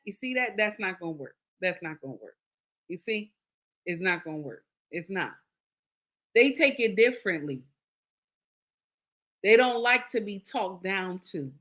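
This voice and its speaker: A woman's voice: medium pitch, expressive, measured pace, long pauses, fairly bright tone. A woman hosting a live stream, giving casual marriage advice to her viewers. She repeats her points, checks in with "okay?" and calls listeners "baby.". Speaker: live-stream host reading viewer comments.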